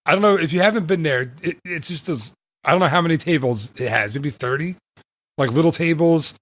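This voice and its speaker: A man's voice: fairly high pitch, brisk, a bit bright, no echo. A man hosting a travel podcast in casual chat, rambling and laughing often as he corrects himself. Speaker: podcast host.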